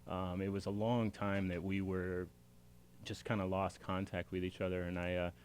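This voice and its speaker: A man's voice: sits low, little pitch movement, moderate pace, darkish tone, a little hiss or hum. A man talking as a guest on a casual talk show, laid-back and giggly while remembering his work. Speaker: guest photographer. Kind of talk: casual interview chat.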